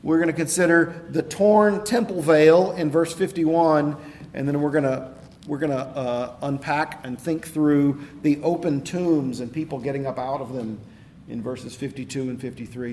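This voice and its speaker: A man preaching an expository sermon. He reads scripture slowly and solemnly, and he stresses his points with rising intensity. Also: medium pitch, fairly even intonation, darkish tone, a little hiss or hum. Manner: slow solemn scripture reading. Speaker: pastor.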